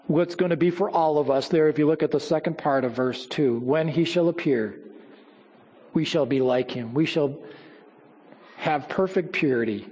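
A man preaching a sermon, telling stories and quoting scripture, often dropping low and quiet for emphasis. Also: slightly rough, long reverb tail. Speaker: pastor.

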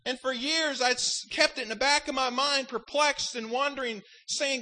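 A man's voice: extremely high pitch, steady tone, normal speed, hardly any pauses, pushed and bright, low-quality recording. A man pastor preaching a sermon, fervent in delivery and breaking into wry joking asides.

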